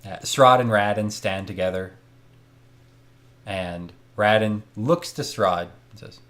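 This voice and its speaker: A man's voice: fairly low pitch, takes it slowly, fairly bright tone. A man running a tabletop game as game master, narrating casually.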